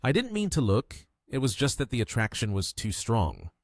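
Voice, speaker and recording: A man voicing an excitable, cheerful young man. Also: mid-range voice, moderate pace, no echo, studio quality. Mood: excited.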